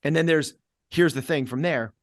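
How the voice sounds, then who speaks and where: A man's voice: a little high, normal speed, no room sound. Middle-aged guy coaching on a podcast, punchy and repetitive, acts out little voices, super dry sound. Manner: energetic, acts out inner voices in quoted asides. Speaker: fitness coach, podcast guest. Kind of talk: podcast conversation.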